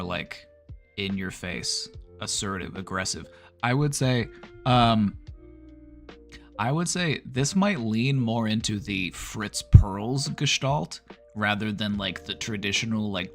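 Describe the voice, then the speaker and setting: A middle-aged man with a low-pitched voice talks casually as a host. He rambles, thinks aloud and restarts sentences, and light music plays underneath. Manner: chatty, rambling, frequent restarts. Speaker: mental health video host. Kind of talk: casual commentary.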